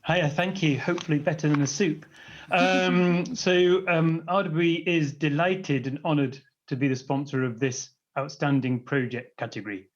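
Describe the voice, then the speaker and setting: A man's voice: fairly high pitch, fairly even intonation. Friendly man presenting an award, lo-fi sound. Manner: friendly, a little halting. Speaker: award presenter, company executive. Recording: dull lo-fi audio.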